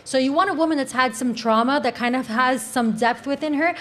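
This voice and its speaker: A woman's voice: sits high, brisk. A woman with a Cuban accent, a panel guest speaking openly and earnestly in casual talk. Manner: open, candid, earnest.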